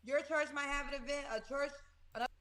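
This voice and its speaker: A woman's voice: high voice, steady tone, fast, fairly bright tone. A woman co-hosting an online show, reading out paid questions and chatting casually at length. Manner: reads questions aloud, then chats at length. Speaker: co-host reading viewer questions. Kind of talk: casual chat.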